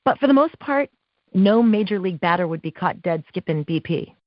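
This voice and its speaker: A woman guest on an interview show, telling stories about her work as a live awards announcer, with lively quoted dialogue and frequent laughs. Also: on the low side, brisk, no room sound. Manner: animated, acts out quotes, laughs often. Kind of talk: casual interview storytelling. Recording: dull dry podcast audio.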